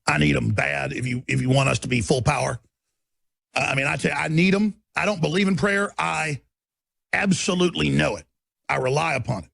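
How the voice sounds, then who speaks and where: A radio talk show host, a man, delivering an impassioned on-air rant that builds into shouting. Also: medium pitch, fairly quick, creaky, no echo, clean studio sound. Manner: preachy, rising to shouting.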